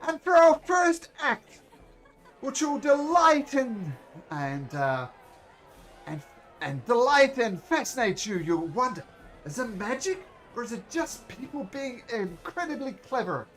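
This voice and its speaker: A man's voice: extremely high pitch, big pitch swings, measured pace, fairly bright tone, soft background music, pitched above the performer's own voice, heavily acted. A man voicing a flamboyant circus ringmaster who announces in a grand showman manner. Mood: announcing. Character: flamboyant male circus ringmaster, showy and booming.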